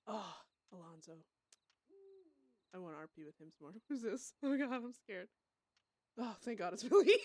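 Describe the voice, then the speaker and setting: A woman's voice: medium pitch, lively intonation, normal speed, long pauses, darkish tone, no room sound. A woman streaming a roleplay game, talking casually and emotionally, swearing, restarting sentences and often laughing and gasping. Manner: chatty, with frequent restarts and swearing. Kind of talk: casual live-stream commentary.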